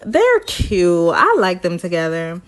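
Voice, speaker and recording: A woman's voice: lowish voice, wildly swooping pitch, slow. A woman chatting through a reality TV episode recap, acting out what the people on screen said in other voices. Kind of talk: casual recap vlog.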